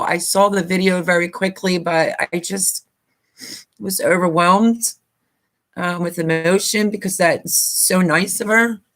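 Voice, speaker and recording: A woman's voice: on the low side, fairly bright tone. A middle-aged woman from Pennsylvania talking on a live stream, choked up and close to tears, apologetic and rambling with many fillers. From Pennsylvania, USA. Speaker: YouTuber hosting a live stream. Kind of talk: emotional casual live-stream talk.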